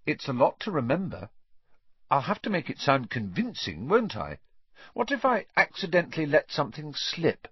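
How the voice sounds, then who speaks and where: A man's voice: fairly high pitch, huge pitch swings, moderate pace, husky, dry recording, dull audio, pitched above the performer's own voice, exaggerated voice. A man voicing a defiant teenage boy who speaks coldly and grimly. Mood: calculating. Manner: cold, grim.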